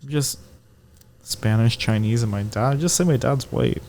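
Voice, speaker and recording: A man's voice: mid-range voice, a little slow, vocal fry, a little mellow. A man co-hosting a casual podcast, laughing often and brushing off his co-host's dares. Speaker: podcast co-host. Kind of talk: casual banter.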